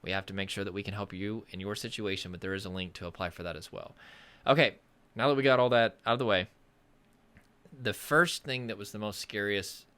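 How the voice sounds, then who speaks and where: A man's voice: low-pitched, fast, a bit bright, clear, resonant tone. A man from the American South talking casually to camera as a coach, rambling and searching for words, with self-deprecating humor. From Southern United States. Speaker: nervous system coach.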